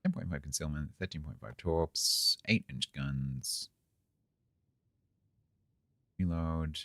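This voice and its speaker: A man's voice: very deep voice, takes it slowly, fairly bright tone, no room sound. A British man streaming a naval game, chatting casually with viewers in a dry, sarcastic way. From Britain. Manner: dry, sarcastic banter with chat. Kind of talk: casual live-stream chat.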